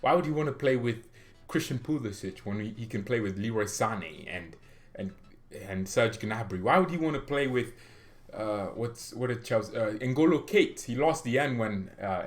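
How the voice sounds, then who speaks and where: A man hosting a football fan channel, arguing his opinions in a jokey, animated way. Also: mid-range voice, moderate pace. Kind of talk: casual opinion vlog.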